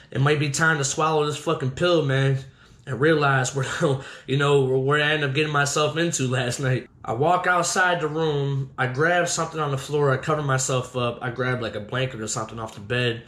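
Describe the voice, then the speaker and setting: A man hosting a podcast, telling his own story casually with constant swearing and an animated delivery. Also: mid-range voice, reverberant, low-quality recording. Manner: heavy swearing, animated retelling.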